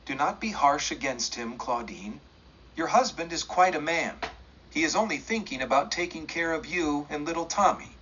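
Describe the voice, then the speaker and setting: A man's voice: on the high side, animated, moderate pace, bright, forceful tone, lo-fi sound, slight background noise. A man voicing a terrified old frontiersman with a French accent and broken English, talking in a choked, urgent way. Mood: troubled.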